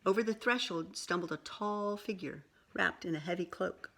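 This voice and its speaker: A woman reading a picture book aloud, pausing now and then to show the pictures to a listener. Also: lowish voice, fairly bright tone. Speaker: storyteller.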